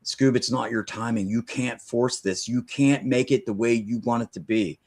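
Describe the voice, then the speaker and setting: A man's voice: mid-range voice, steady tone, moderate pace, a little mellow. A man with a mid-range voice hosts a live stream. He talks in a heartfelt way and keeps stumbling and restarting his phrases. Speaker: host.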